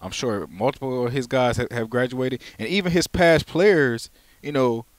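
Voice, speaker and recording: A man's voice: mid-range voice, moderate pace, no room sound. A man co-hosting a casual sports podcast, talking emphatically and repeating himself as he argues a point. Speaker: podcast co-host.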